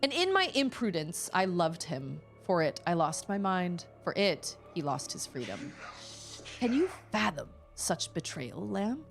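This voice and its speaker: A woman's voice: fairly low pitch, sing-song, unhurried, gravelly, soft background music, exaggerated voice. A woman voicing a mournful follower of an old faith in a video game, reading the lines in a grave, solemn way.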